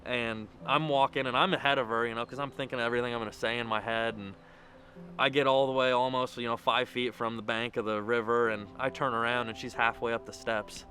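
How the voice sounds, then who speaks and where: A man's voice: mid-range voice, flat delivery, brisk, bright, forceful tone, soft background music. A young man telling how he proposed, then giving a wedding toast, in a rambling, run-on way. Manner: rambling, run-on storytelling with many "and"s. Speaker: groom. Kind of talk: casual storytelling and wedding toast.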